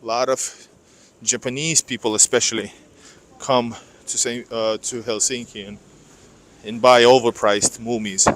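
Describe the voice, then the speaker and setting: A man's voice: medium pitch, flat delivery, unhurried, fairly bright tone, a little hiss or hum. A man walking a city street in winter, talking casually and rambling to his viewers on a clip-on mic. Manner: rambling, chatty, addresses viewers as guys. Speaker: vlogger. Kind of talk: casual live street vlog. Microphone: clip-on microphone.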